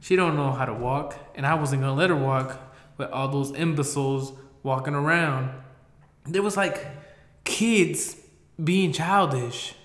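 Profane, rambling man in an echoey room. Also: measured pace. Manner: profane, blunt, swings between loud and low mutters. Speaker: father telling a story. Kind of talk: rambling casual storytelling.

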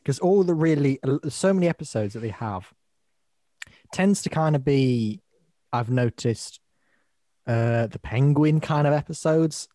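A man's voice: medium pitch, expressive, unhurried, pauses often, dark tone, no room sound, clean studio sound. A man co-hosting a podcast, chatting casually and laughing as he retells favourite lines. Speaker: podcast co-host. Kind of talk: casual chat.

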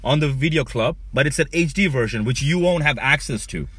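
A man tells a funny story in casual chat, his voice bright and ringing. He swings through a wide pitch range as he gets animated. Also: brisk, slightly rough, no echo. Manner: animated storyteller, laughs a lot.

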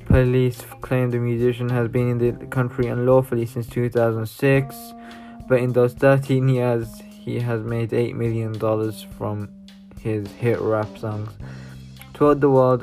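A man reading news articles aloud, stopping often for sighing, halting asides. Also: medium pitch. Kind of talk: casual news reaction.

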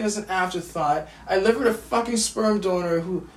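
At home, an exhausted, upset adult who wants to be a screenwriter rants alone to the camera in a bitter, repetitive, profane way. The voice is mid-range at a normal speed, and the distant mic picks up plenty of room echo.

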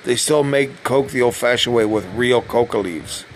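A man's voice: medium pitch, normal speed, slight background noise, poor audio. An older man, a navy submarine veteran, telling casual stories in a rambling way, with frequent restarts and fillers. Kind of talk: casual storytelling.

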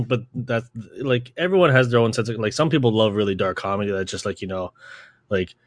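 A man's voice: lowish voice, moderate pace, dry recording, clean studio sound. A man co-hosting a casual podcast, talking loosely and profanely, laughing often and leaning on "like" as a filler. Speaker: podcast co-host.

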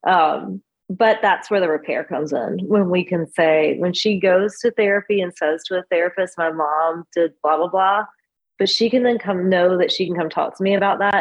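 A woman's voice: lowish voice, gravelly, breathy edge, dull audio. A woman therapist on a podcast, speaking candidly and reassuringly, often laughing. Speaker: therapist guest. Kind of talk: casual podcast chat.

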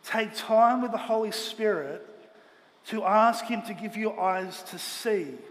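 A pastor preaching a Sunday sermon with earnest, emphatic delivery, speaking in a church auditorium. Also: male voice, high voice, slow pace. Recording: long hall reverb, faint ambient noise.

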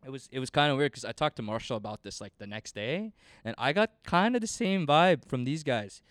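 A man's voice: mid-range voice, brisk, clean tone, no echo, studio quality. Slangy young Canadian man telling a story. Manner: rambling, slangy, animated retelling with quoted voices. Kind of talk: casual storytelling chat.

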